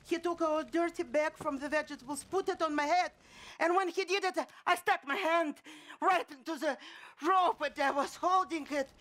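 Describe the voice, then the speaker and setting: A woman acting a middle-aged mother who survived a pogrom, speaking in a halting stage monologue full of restarts and repeated words. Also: very high voice, fairly bright tone. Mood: desperate. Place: theater stage.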